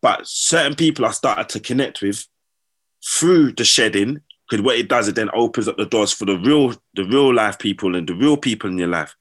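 This man's voice is husky and on the low side, and he speaks at a moderate pace. He tells casual, slangy stories with animation, acting out what others said.

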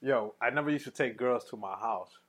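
A man in his thirties with a New York accent, telling profane, animated stories on a casual podcast. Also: medium pitch, brisk, noisy background. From New York, Washington Heights. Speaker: podcast co-host. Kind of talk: casual storytelling chat.

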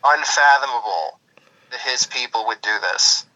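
A man's voice: mid-range voice, normal speed, sharp tone. A man hosting a podcast over the phone, ranting in a casual, profane, sarcastic way. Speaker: podcast host. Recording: phone call recording.

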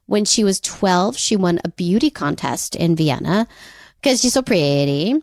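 A woman co-hosting a podcast, telling a story in a chatty, animated way with jokey asides and frequent laughs. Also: on the low side, a little slow, dry recording, clean studio sound. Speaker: podcast co-host. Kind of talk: casual storytelling chat.

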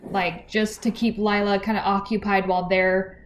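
A woman co-hosting a book podcast, adding quick agreement and her own memories of the plot in casual talk. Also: medium pitch, level tone, slight background noise. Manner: agreeable, chiming in with quick yeahs.

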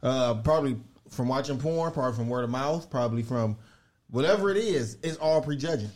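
A man's voice: mid-range voice, a little fast, a little mellow. A man co-hosting a podcast who argues bluntly and stammers through restarts. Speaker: podcast co-host. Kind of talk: casual debate chat.

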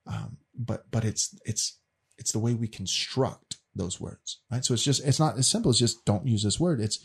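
A man's voice: mid-range voice, lively intonation, normal speed, slightly rough. A man casually explaining a faith question as a teacher, earnest and often repeating words as he restarts.

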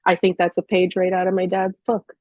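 A woman's voice: fairly low pitch, completely flat delivery, fairly quick, dry recording, dull audio. A woman in her thirties, speaking as a podcast guest and telling personal stories in a candid, chatty way with hesitant restarts. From Canada. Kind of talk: casual personal storytelling.

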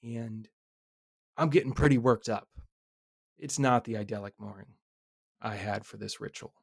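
A man's voice: lowish voice, normal speed, creaky, breathy edge, no room sound. Dry-sounding man telling a reflective story. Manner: animated, swearing casually, shifting loudness. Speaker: podcast host.

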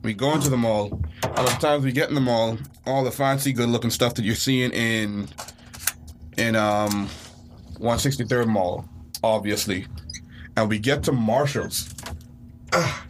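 Young man from the Bahamas, podcast co-host, animated storyteller, medium pitch, faint hiss. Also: unhurried, pauses often. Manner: animated, acts out quotes with rising panic. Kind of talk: casual storytelling chat.

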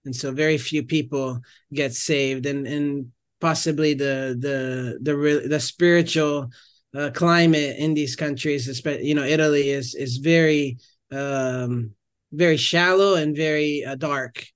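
A man's voice: a little high, steady tone, a little slow, clear, resonant tone. A man in his thirties, a missionary guest, telling his story in a casual interview and often restarting his sentences. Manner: rambling, self-correcting storyteller with frequent restarts.

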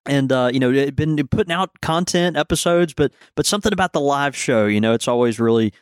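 A man's voice: medium pitch, a little fast, clear, resonant tone, no echo, clean studio sound. Rambling man on a podcast mic. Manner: rambling, many fillers and restarts. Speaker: podcast co-host and shop owner. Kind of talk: casual live podcast chat. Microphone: studio microphone.

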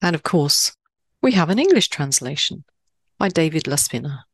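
Swiss woman hosting a poetry podcast, low voice, punchy high jumps on key words, dry close sound. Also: big pitch swings, moderate pace, slightly rough, no room sound. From Switzerland. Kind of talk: scripted podcast narration.

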